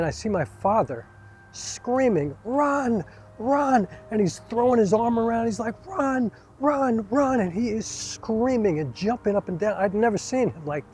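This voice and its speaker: Man vlogger, fairly high voice, telling a rambling story outdoors with faint music behind. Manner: rambling, animated, conversational with asides. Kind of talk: casual personal storytelling. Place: outdoors under trees.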